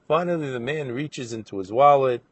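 A man telling a moral story as a Torah lesson, narrating with animated questions and voiced quotes. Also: medium pitch, normal speed, slightly rough. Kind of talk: storytelling sermon.

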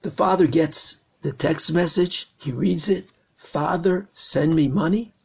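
Older man, rabbi, earnest pleading sermon, raspy, rough fry in the voice. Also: fairly high pitch, unhurried. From Israel. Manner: earnest, pleading, repeats phrases for emphasis. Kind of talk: recorded Torah talk on prayer.

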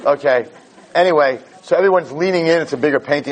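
A man giving a Jewish lecture, telling a story in an animated, digressive way. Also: fairly high pitch, quick pace, slight background noise, low-quality recording.

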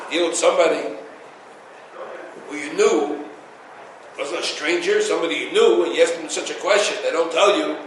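Male rabbi, high and emphatic, distant mic in a booming room. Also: slight background noise. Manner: emphatic, animated storytelling with Hebrew and Yiddish terms. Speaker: rabbi giving a Torah class. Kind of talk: Torah lecture with stories. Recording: echoey room, voice from far off.

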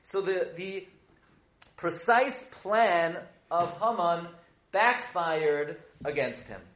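A rabbi with a high voice tells a lively Torah lesson, mixing jokes and stories and firing questions at his class. He sounds like he is in a roomy, echoing space. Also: slow. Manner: joking, storytelling, quizzes the audience. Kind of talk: humorous Torah lecture. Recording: echoey room.

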